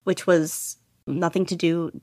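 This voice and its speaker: A woman's voice: fairly low pitch, steady tone, a little slow, darkish tone, dry recording, clean studio sound. A young woman being interviewed about her hobby, chatting casually in a rambling, enthusiastic way with lots of fillers. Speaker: guest podficcer.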